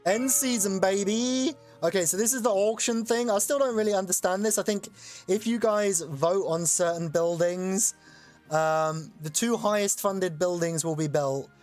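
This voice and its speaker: A streamer hosting a chat-voted game live, excitable and loose, swearing casually while explaining the rules. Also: mid-range voice, normal speed, soft background music.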